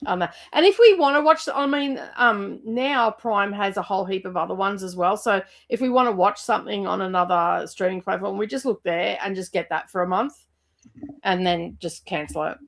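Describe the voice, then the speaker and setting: A woman's voice: mid-range voice, normal speed, vocal fry. Australian woman, casual co-host, rambly and filler-heavy. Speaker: co-host of a livestream. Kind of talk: casual chat.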